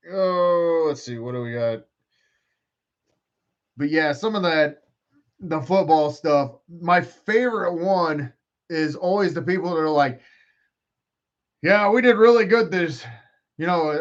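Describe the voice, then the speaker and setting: A man's voice: fairly high pitch, lo-fi sound. A man hosting a casual live-stream podcast, rambling and trash-talking with lots of swearing and jokes. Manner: profane, joking, rambling trash talk. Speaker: podcast host.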